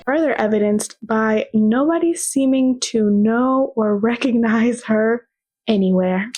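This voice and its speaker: A young woman chats through a TV series in casual video commentary. She is dramatic and sarcastic, and she gushes over the scenes she loves. Her voice sits a bit higher than most women's. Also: a little slow, a little mellow. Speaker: TV show commentator.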